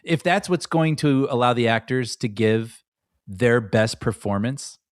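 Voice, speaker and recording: A man co-hosting a movie podcast in casual chat, agreeable and quick to laugh. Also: mid-range voice, no room sound, clean studio sound. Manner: expressive, laughs easily, agreeable. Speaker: podcast co-host.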